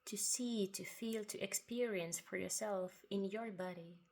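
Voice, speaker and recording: A woman giving a reflective spoken monologue about spiritual ideas. She talks softly and without hurry, pausing often, sometimes dropping to a breathy half-whisper. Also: medium pitch, fairly even intonation. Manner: soft and unhurried, with long pauses, occasional breathy half-whispers and quiet laughs. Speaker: writer sharing spiritual reflections.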